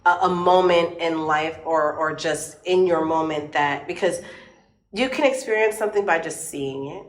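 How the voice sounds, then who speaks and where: Relaxed, slangy woman co-host for a chat show, quick to laugh, recorded in a roomy space. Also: low voice. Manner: laid-back, slangy, laughs often. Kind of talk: casual podcast chat.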